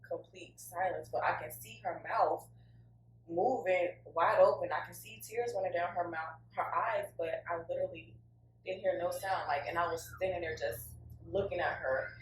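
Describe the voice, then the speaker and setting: A woman co-hosting a podcast, telling her own story in a candid, emotional, informal way with lots of fillers. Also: lowish voice. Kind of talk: casual heartfelt podcast chat. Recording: echoey room, mic at a distance, faint hum.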